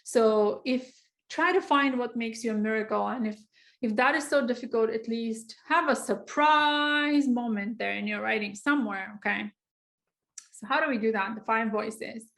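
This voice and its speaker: A woman with a fairly high voice coaches students on personal statements in a loose, conversational way. She pauses on fillers, circles back, and slips into reading sample passages aloud. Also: creaky, a bit bright. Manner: conversational, frequent fillers, acts out sample writing. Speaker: writing coach. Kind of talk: informal online lesson.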